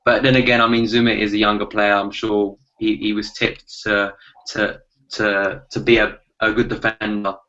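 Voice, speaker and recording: A man talking in a casual football fan chat, steady and repeating phrases as he thinks. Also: fairly low pitch, normal speed, a little hiss or hum. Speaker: fan panelist. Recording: dull lo-fi sound.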